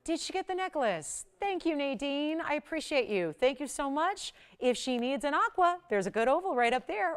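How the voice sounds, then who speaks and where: A woman hosting a live home shopping show, pitching jewelry deals in a chatty, energetic way with sudden loud bursts. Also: clean tone.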